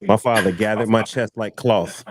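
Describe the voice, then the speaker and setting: A man hosting a casual panel discussion, telling stories with laughter and animated asides. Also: fairly low pitch, normal speed, no room sound. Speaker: host.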